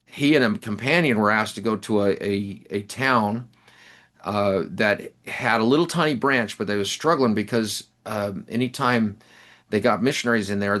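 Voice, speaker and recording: A middle-aged man, an author and professor, telling stories in an interview with many restarts and pauses. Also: lowish voice, a bit bright. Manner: rambling, halting anecdotes with many restarts. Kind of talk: storytelling in a casual interview.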